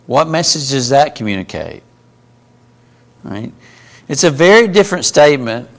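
A man's voice: mid-range voice, sing-song, moderate pace. A man teaching a group Bible class in a conversational way, asking the group questions as he goes.

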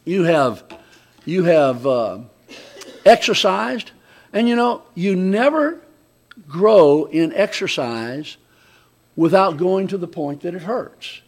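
A man preaching a conversational sermon, often restarting his sentences and swinging between loud emphatic lines and quiet asides. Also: sits high, big pitch swings, takes it slowly, long pauses.

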